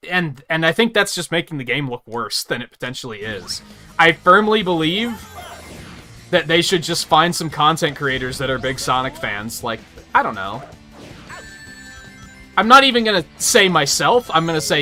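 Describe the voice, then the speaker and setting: A man's voice: a little high, pushed and bright. A young man giving casual gaming commentary on a stream, opinionated and swearing freely as he rants. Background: game music.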